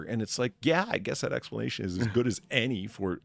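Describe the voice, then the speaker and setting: A man hosting a casual chat, animated and laughing, with frequent restarts. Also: mid-range voice, fast, creaky, no room sound. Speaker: host.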